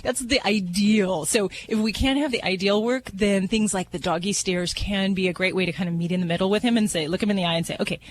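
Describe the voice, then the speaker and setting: Woman vet guest, folksy and unhurried, chatty advice, easy laughs between points. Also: medium pitch, a little hiss or hum. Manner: folksy, explains slowly with fillers. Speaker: veterinarian guest. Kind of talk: casual advice on radio.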